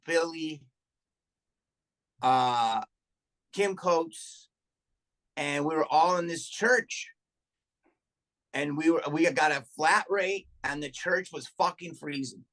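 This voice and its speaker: Profane, animated middle-aged male storyteller. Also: on the high side. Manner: profane, animated anecdote telling with acted-out quotes. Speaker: guest comedian. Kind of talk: casual podcast storytelling.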